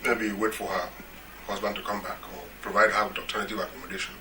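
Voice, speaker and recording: An actor playing a mild-mannered husband, calmly reasoning and gently deflecting. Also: male voice, lowish voice, quick pace, a little hiss or hum, low-quality recording.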